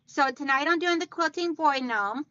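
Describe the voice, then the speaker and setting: Calling viewers hon and greeting them by name, a woman with a high, bright voice runs a casual quilting livestream from home at a moderate pace. The recording is dry and close, without echo, and a little dull in the top end.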